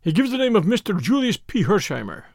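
A man's voice: high-pitched, sing-song, fast, a little mellow, husky, dry recording, clean studio sound, pitched above the performer's own voice, exaggerated voice. A man doing a deferential male secretary. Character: deferential male secretary who knows everything.

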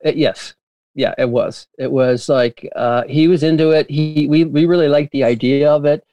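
A man telling stories as a guest in an interview, rambling and animated with frequent laughter and restarts. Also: on the high side, normal speed, dull audio. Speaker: filmmaker guest. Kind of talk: casual interview storytelling.

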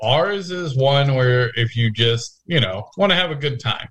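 A man's voice: medium pitch, lively intonation, measured pace, a bit bright. A man co-hosting a casual podcast chat, teasing and joking, laughing often. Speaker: podcast co-host.

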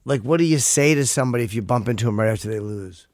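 A man hosting a casual chat, joking and asking quick questions. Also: mid-range voice, a little mellow, no echo, studio quality. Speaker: podcast host.

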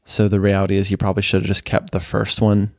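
Deadpan, rambling man on a podcast. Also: sits low, fast talker, no echo, studio quality. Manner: rambling, self-deprecating, sarcastic, deadpan. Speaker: podcast host. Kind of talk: casual solo podcast storytelling.

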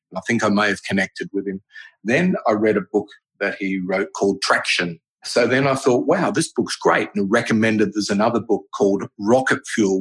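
A man's voice: on the low side, husky, low-quality recording. A middle-aged man, a business owner, answering podcast interview questions in an earnest, rambling way with many restarts. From Australia.

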